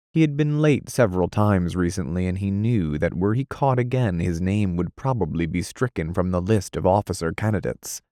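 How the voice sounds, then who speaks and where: A man narrating an audiobook in a measured, dramatic reading style. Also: sits low, warm tone, no echo, studio quality.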